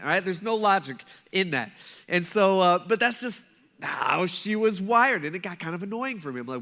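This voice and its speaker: A man's voice: high voice, expressive, fairly quick, pushed and bright. A young man preaching as a pastor in a church, telling personal stories in a loose, conversational way with lots of asides to the congregation. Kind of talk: sermon. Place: church sanctuary.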